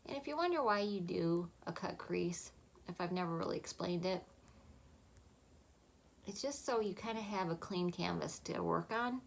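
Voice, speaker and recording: A woman talking through a makeup tutorial in a soft, chatty voice, often dropping to a half-whisper. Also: lowish voice, gravelly, slight background noise. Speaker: makeup vlogger.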